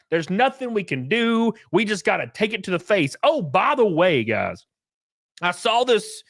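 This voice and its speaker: Animated, profane man streaming. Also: high-pitched, normal speed, no echo, studio quality. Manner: animated, rambling, profane, jokey. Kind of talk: casual livestream chat.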